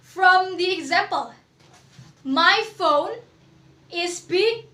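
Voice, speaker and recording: A young woman teaching English grammar to a class, asking questions and repeating words slowly. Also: very high-pitched, animated, sharp tone, roomy sound. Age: young adult.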